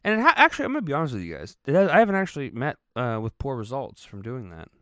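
A man's voice: mid-range voice, huge pitch swings, racing, crowd noise. A man co-hosting a podcast in casual banter, talking in a rambling, profane way full of fillers. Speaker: podcast co-host.

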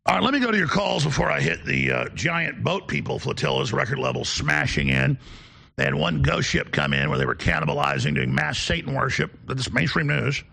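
A man hosting a call-in talk show, delivering a sarcastic rant with shouted outbursts. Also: mid-range voice, huge pitch swings, fairly quick, vocal fry, husky. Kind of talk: ranting call-in show monologue.

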